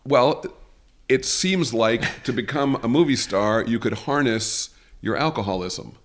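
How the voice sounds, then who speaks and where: A man co-hosting a comedic podcast, blunt and opinionated, often stumbling over his words. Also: mid-range voice. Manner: blunt, opinionated, halting with fillers. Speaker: podcast co-host. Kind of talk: comedic casual podcast chat.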